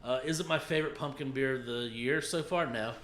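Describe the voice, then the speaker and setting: A man's voice: mid-range voice, fairly quick, a bit bright, slight background noise. Hesitant man on an echoey call. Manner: hesitant, many ums. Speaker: beer reviewer. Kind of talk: casual beer review chat. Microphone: video call.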